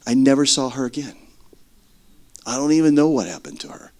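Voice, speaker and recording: A middle-aged man preaching a sermon as earnest testimony, swinging between loud stretches and hushed ones. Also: mid-range voice, animated, brisk.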